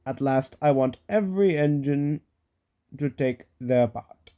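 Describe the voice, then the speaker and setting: A man voicing a stern but kind railway boss in a storybook reading, brisk and authoritative. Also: fairly high pitch, mellow. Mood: firm.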